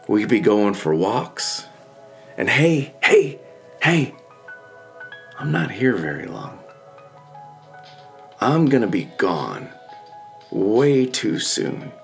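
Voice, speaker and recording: A devoted pet dog begs softly and repeatedly for its owner's attention, as a man puts it on in a plain, gentle voice. The tone is low and tender. Faint music plays beneath it. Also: full character voice. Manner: gentle, pleading, repetitive.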